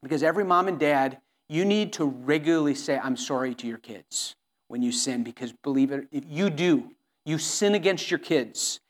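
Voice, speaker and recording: A middle-aged man preaches to his congregation, earnest and pleading. His voice sits a little high for a man. He often breaks off and restarts his sentences as he presses his point. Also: expressive, normal speed. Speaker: pastor. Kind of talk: sermon.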